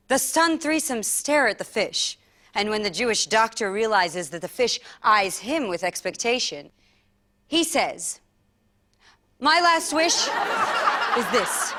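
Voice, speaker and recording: A woman performing a comic story in a theatrical, animated way, with laughing asides. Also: mid-range voice, a little slow.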